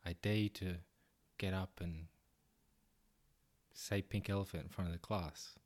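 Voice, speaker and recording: A man voicing a sly young schoolboy who quietly coaxes his friend. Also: sits low, fairly even intonation, a little slow. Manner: whispering, coaxing.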